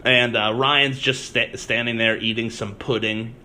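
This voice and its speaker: A man's voice: medium pitch, little pitch movement, unhurried, sharp tone, slight background noise. A man hosting a podcast, recapping an episode in a chatty way and laughing often. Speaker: podcast host.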